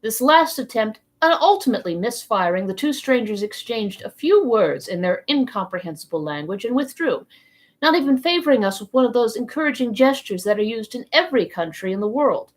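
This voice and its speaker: A woman reading a novel aloud for a library program, narrating in the first person with expressive delivery. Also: fairly high pitch, brisk. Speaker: library storytime reader.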